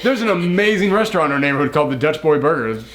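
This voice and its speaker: A man's voice: on the high side, animated, very fast, a bit bright. A man co-hosting a movie review podcast in casual, joking chat, swearing freely.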